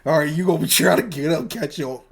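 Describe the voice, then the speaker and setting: A man co-hosting a podcast in casual chat, animated and swearing freely as he acts out scenes. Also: a little high, quick pace, gravelly. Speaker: podcast co-host.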